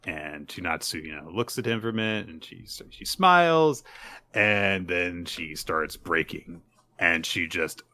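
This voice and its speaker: A man's voice: sits low, lively intonation, measured pace, sharp tone. A man co-hosting a podcast, casually recapping manga chapters with dry asides. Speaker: podcast co-host.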